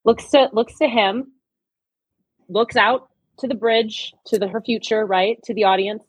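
Woman, podcast co-host, husky, dry close sound, emotional retelling. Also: fairly high pitch, steady tone, unhurried, dry recording, low-quality recording. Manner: emotional, enthusiastic retelling of film scenes. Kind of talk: casual chat.

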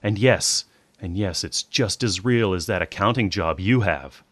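A man voicing a hunched, spiteful old witch woman who grumbles and snaps in a hoarse voice. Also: low voice, unhurried, fairly bright tone, dry recording, clean studio sound. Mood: snappish. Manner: grumbling, snappish.

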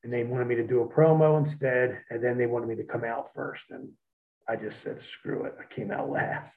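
A man, a wrestler, telling profane, animated stories as an interview guest over a phone line. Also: medium pitch, fairly quick, vocal fry, a little hiss or hum. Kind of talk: storytelling in an interview.

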